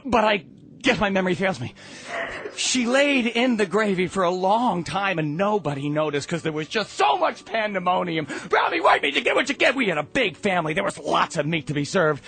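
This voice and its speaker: A man telling a comic family story in a theatrical way, swinging from loud to hushed. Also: high voice, creaky.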